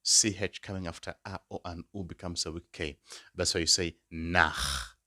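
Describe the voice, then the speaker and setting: A man tutoring a language lesson, patiently repeating each word slowly for learners. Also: deep voice, fairly even intonation, bright, forceful tone, dry recording, studio quality. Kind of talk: spoken lesson.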